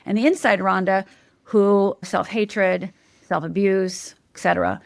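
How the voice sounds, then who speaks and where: A woman's voice: medium pitch, steady tone, a little slow, creaky, no room sound, studio quality. Candid, emphatic middle-aged woman storyteller. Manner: candid, emphatic, checks in with "right?". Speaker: guest, life coach. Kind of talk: personal storytelling in a podcast interview.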